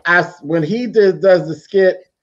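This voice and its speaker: A sassy man hosts a loose, casual chat, stretching his words in a drawl and tossing in endearments. His voice sits a little high, and the sound is slightly muffled and lo-fi. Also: unhurried. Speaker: host of an online chat.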